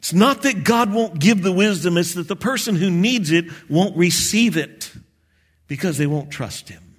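A male pastor preaching a sermon in an animated way, acting out prayers and chuckling at his own jokes. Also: high-pitched, normal speed, breathy edge.

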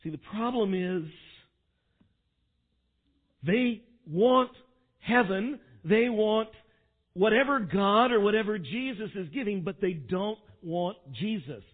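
A male pastor preaching a sermon, swinging from quiet asides to loud, dramatic quotations. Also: sits high, animated, slow, pauses often. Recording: tinny phone-like sound.

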